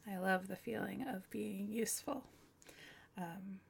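A woman speaks in a candid, rambling personal monologue with heavy vocal fry and a gravelly texture. She talks unhurriedly, giggling often and slipping into soft half-whispers. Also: mid-range voice, fairly even intonation, measured pace.

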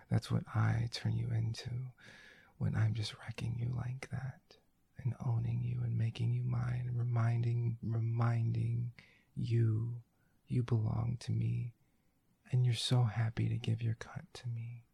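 Gravelly, husky man in whispered role-play. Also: mid-range voice, mellow, no room sound. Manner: intimate, breathy murmuring with frequent whispers and profanity. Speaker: erotic audio performer. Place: room indoors.

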